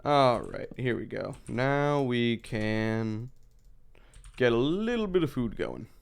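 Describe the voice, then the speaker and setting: A man's voice: mid-range voice, sing-song, slow pace, vocal fry, smooth. A man in his thirties chatting casually as he streams a game, rambling with profane asides.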